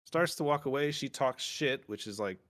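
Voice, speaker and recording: A man hosting a casual podcast, recapping a TV episode in a rambling, excitable way and swearing freely. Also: mid-range voice, moderate pace. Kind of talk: casual chat.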